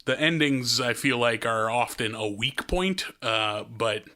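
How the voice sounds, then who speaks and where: A man in his thirties co-hosting a casual podcast chat, excitable, swearing and laughing a lot. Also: mid-range voice, measured pace. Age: 30s. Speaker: podcast co-host.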